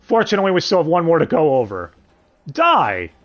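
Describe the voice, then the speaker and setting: Sarcastic guy ranting about a dub, swears a lot, voice jumps up and down a bunch, kinda high. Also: wildly swooping pitch, brisk, a bit bright, faint music behind. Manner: sarcastic, swears often, sighs and asks the audience. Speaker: reviewer. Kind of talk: casual commentary.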